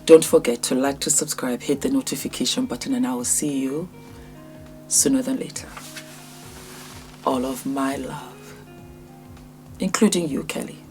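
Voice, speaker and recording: Low-voiced woman in her fifties. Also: steady tone, normal speed, pauses often, soft background music. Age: 50s. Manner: warm, emotional, grateful. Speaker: vlogger. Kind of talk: casual vlog to camera.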